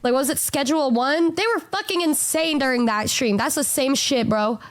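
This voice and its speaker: A woman's voice: high voice, moderate pace. A woman streamer in casual chat, teasing her friends and swearing offhandedly.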